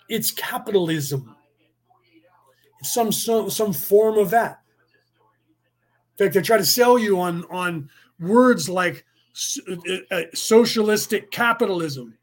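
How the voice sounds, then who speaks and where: A man giving a rambling, argumentative monologue that keeps asking "do you see?" and acts out the voices he quotes. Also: high voice. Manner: repeats "do you see?" to press points. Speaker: speaker on politics and spirituality.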